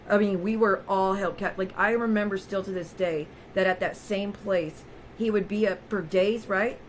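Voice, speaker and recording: A woman's voice: medium pitch, steady tone, measured pace, slight background noise, rough recording. A woman vlogger telling a personal story straight to her viewers in a raw, candid way.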